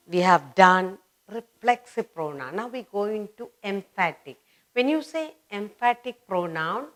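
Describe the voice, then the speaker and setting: A woman teaches a children's grammar lesson at a very unhurried pace. She repeats words and phrases several times and stresses the key terms so young learners can follow. Her voice sits at an ordinary middle pitch. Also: a bit bright. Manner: repeats words and phrases slowly and deliberately for emphasis.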